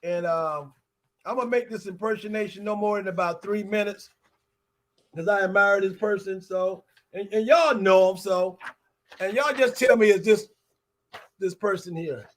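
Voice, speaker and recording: A man co-hosts a chat show in a playful, teasing way. His voice sits very high. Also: normal speed. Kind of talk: casual chat show banter.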